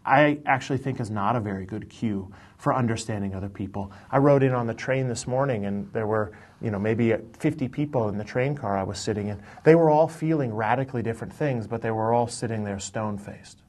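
A man's voice: lowish voice, fairly quick, hardly any pauses, darkish tone. A man, a professor who is a guest on a radio show, explaining his research thoughtfully with everyday examples. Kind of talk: explanatory interview talk. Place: in Chicago.

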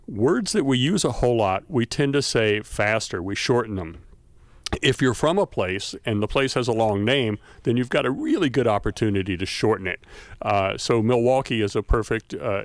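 A man who is a university scholar of regional culture, giving measured, explanatory answers as a radio guest, with many fillers. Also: mid-range voice, no echo, studio quality.

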